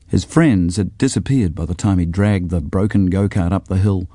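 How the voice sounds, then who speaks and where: A man narrating a children's storybook with an expressive, varied delivery. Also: low voice, moderate pace, no room sound, clean studio sound. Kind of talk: storybook reading.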